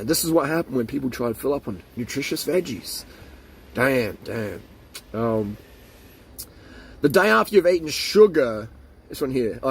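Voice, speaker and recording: A man in his forties ranting casually to the camera, mocking and joking as he goes. His voice is husky and sits a little higher than most men's. He drops into silly made-up voices to mock the people he talks about. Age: 40s. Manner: mocking, jokey, slips into silly quoted voices. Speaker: vlogger.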